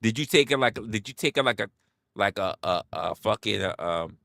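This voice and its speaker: A man's voice: lowish voice, lively intonation, moderate pace, gravelly, fairly bright tone, no echo, clean studio sound. A man hosting a livestream, talking in a casual rant full of rhetorical questions, profanity and stammered restarts. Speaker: livestream host.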